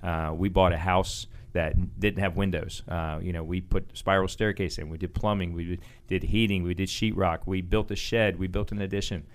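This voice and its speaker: A man's voice: low-pitched, moderate pace, hardly any pauses, clear, resonant tone. A man answering interview questions on a radio show, telling stories about himself with lots of fillers and restarts. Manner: animated storytelling with frequent fillers and restarts. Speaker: guest, business owner.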